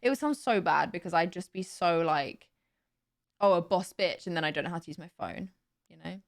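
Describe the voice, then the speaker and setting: A woman's voice: lowish voice, animated, quick pace, creaky. A young woman with a Southern English accent, chatting casually on a live stream and answering questions from chat on a desk mic at home. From south of England. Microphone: desk mic with noise gate.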